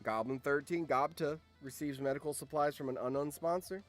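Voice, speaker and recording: An excitable male host reacting to a game out loud in casual commentary, his voice sitting a little high. He drops to low mutters, then bursts into shouts, with faint music playing underneath. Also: brisk, hardly any pauses, dry recording. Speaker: channel host and streamer.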